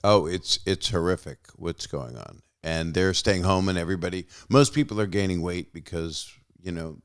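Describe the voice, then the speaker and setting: Deep, smooth-voiced joking podcast host. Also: male voice, expressive, normal speed, no room sound, studio quality. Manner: joking, wry, trails off often. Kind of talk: casual chat.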